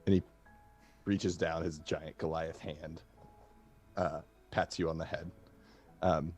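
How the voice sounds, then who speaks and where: A man running a tabletop game as game master, narrating in a relaxed, hesitant way. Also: very deep voice, slow pace, soft background music.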